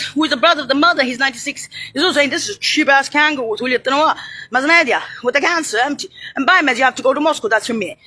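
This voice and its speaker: A woman with a high, bright voice ranting in a heated, rambling monologue. She swings all over her range, swears freely and slips Italian phrases in. A faint hiss of noise sits under her voice.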